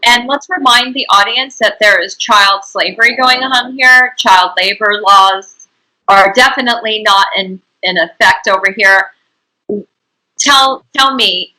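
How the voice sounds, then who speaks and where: Emphatic bright-voiced woman interviewer. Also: mid-range voice, unhurried, low-quality recording. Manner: emphatic, indignant questioning. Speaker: host, interviewer.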